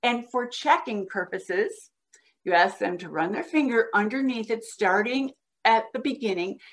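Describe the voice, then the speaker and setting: A woman guest on a podcast, patiently explaining how to teach a child to read, sounding out words slowly as she demonstrates. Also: on the high side, animated. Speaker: guest reading educator. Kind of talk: instructional podcast talk.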